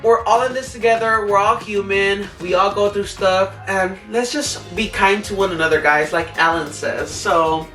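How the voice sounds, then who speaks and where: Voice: medium pitch, sharp tone. A young adult vlogger in a rambling, casual advice chat who acts out their own past self-talk. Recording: roomy, distant mic, faint music behind.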